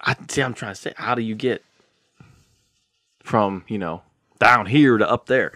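A young man co-hosting a podcast, musing out loud in a loose, rambling way with lots of fillers. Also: lowish voice, unhurried, dry recording, clean studio sound. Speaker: podcast co-host. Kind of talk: casual chat.

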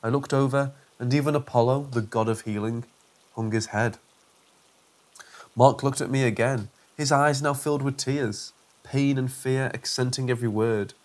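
A man narrates a first-person horror story at a steady, measured pace. His voice sits at an ordinary pitch for a man, and his delivery stays even.

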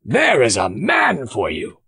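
A male audiobook reader voicing a blustering, hearty farmer who lectures with loud emphasis. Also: mid-range voice, wildly swooping pitch, takes it slowly, creaky, slightly rough, no echo, clean studio sound, full character voice. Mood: emphatic.

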